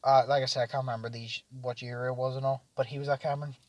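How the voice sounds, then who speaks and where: A man's voice: mid-range voice, flat delivery, very fast. A young man, hosting a podcast and rambling through sweary, laugh-filled stories about nights out with friends. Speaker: podcast host. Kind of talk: casual storytelling chat.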